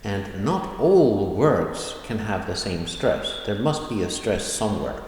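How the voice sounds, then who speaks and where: A man teaching an online language lesson, explaining slowly and repeating examples. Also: lowish voice, very animated, darkish tone. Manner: slow, deliberate explaining with repetitions. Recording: echoey room with long reverb.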